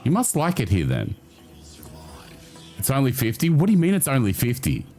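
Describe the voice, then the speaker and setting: A man's voice: medium pitch, wildly swooping pitch, moderate pace, darkish tone, soft background music. A man with an Australian accent hosting a casual livestream chat, reading his chat aloud, swearing freely and laughing often. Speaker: livestream host.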